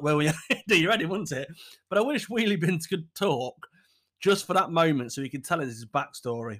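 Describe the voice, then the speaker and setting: A man hosting a podcast as a casual solo chat, animated, swearing freely and laughing often. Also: on the high side, moderate pace. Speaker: podcast host.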